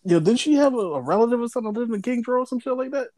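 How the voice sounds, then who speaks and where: A young man co-hosting a podcast, excitable and interjecting with slang and swearing in casual chat. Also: very high-pitched, racing, no room sound. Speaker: podcast co-host.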